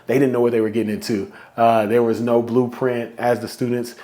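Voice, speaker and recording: Man, podcast host, casual solo talk, earnest, emotional, mid-pitched voice. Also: flat delivery, a little fast, mellow. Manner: heartfelt, emotional, conversational.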